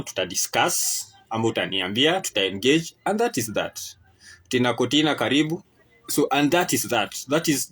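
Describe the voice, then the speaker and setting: A young Kenyan man with a Kenyan accent, switching between English and Swahili in a casual opinion monologue. He talks in an animated, exasperated way. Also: mid-range voice, poor audio. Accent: Kenyan English with Swahili and Sheng code-switching. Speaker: podcast host.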